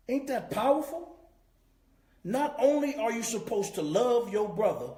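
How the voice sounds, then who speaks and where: A man's voice: sits high, very animated, normal speed, a little mellow. Emphatic man preaching in a roomy space. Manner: emphatic, repeats key phrases. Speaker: class teacher. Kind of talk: preaching scripture lesson. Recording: roomy echo.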